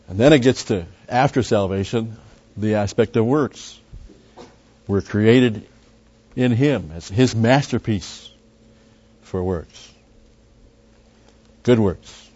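Male Bible teacher, low voice, dull lo-fi recording, rambling asides with emphatic stresses. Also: mellow, slightly rough. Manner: conversational, with frequent asides and restarts; emphatic on key words.

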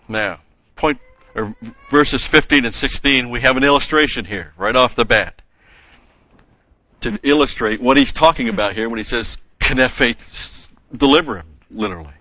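A man teaching a verse-by-verse Bible lesson, methodical, explaining grammar and pausing with "okay?" and "uh". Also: mid-range voice, sharp tone, no echo, muffled recording.

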